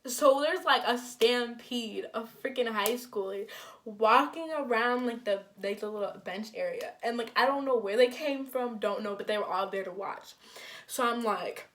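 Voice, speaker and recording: A woman's voice: fairly high pitch, moderate pace. Young woman telling a wild story. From Minnesota. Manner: animated, heavy use of "like", acts out quotes. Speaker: storytime vlogger. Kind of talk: casual storytelling.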